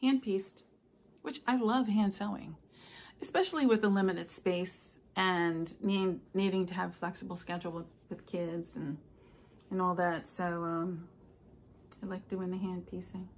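An older woman, a stitching vlogger, chatting casually and telling rambling stories with soft asides. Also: lowish voice, fairly even intonation, measured pace, a little hiss or hum. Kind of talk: casual chat.

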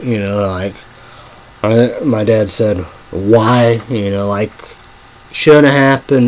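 A man rambling in a halting monologue, full of fillers, dropping to a murmur and then bursting out loud and swearing. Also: lowish voice, slight background noise, rough recording. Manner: swings from murmuring to sudden loud outbursts. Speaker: vlogger.

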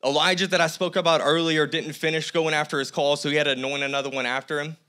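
A man's voice: on the high side, level tone, quick pace, pushed and bright. A man preaching a sermon as a church pastor, conversational with humorous asides. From United States. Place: church sanctuary.

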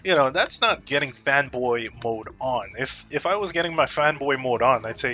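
A man's voice: mid-range voice, animated, moderate pace, hardly any pauses, sharp tone, soft background music. Profane, joking gaming vlogger man. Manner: profane, laid-back, joking. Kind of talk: casual rant to camera.

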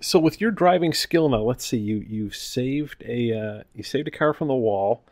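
A man's voice: mid-range voice, lively intonation, normal speed, a little mellow, no echo. Joking male podcast host, dry sound. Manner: joking, rambling question. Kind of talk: casual chat.

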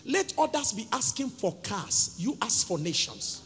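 A man with a Nigerian accent preaching a sermon as pastor, calling out to the congregation and breaking into sung and shouted phrases. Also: high voice, sing-song, normal speed, few pauses, a little hiss or hum. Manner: call-and-response preaching, sings and shouts phrases. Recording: reverberant church hall with music.

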